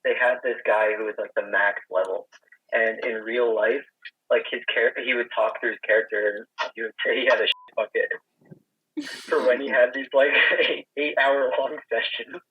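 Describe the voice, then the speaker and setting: Husky young man on a dry lo-fi mic. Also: mid-range voice, fairly even intonation, moderate pace, dry recording. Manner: joking, rambling. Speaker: podcast co-host. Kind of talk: casual chat.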